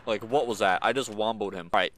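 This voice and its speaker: A young man giving excited, slangy commentary while playing a shooter game, swinging from low mutters to sudden yelps. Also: fast talker. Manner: hyped, slangy, jumps from mumbling to sudden yelps. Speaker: gaming YouTuber.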